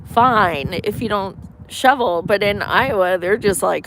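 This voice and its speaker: A woman from Pennsylvania, a campaign volunteer, chatting casually on a live stream, emphatic and excited, swearing, with lots of ums. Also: mid-range voice, measured pace, a little hiss or hum. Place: outdoors in winter.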